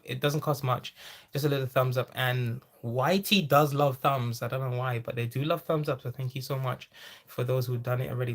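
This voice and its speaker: A man with a Jamaican accent hosting a livestream, chatting casually, reading out viewer comments, laughing often and slipping into patois. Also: medium pitch. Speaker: livestream host. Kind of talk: casual live-chat reading.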